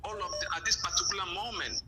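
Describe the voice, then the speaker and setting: A man's voice: sits high, fast talker, music in the background. A man calling in to a radio show, speaking urgently and insistently over an echoey, noisy phone line. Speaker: caller. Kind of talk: call-in phone contribution.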